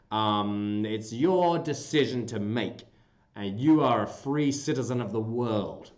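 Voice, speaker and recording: A man hosting a casual livestream, chatting playfully with viewers and breaking into goofy squeaky bursts. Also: animated, takes it slowly, a little mellow. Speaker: livestream host. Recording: roomy echoey room.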